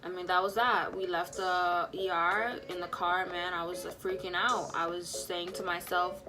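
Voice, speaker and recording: A young woman casually retelling a personal story, animated and full of fillers, acting out what people said. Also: on the low side, normal speed, hardly any pauses. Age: young adult. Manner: animated, lots of fillers, acts out quotes. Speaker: vlogger.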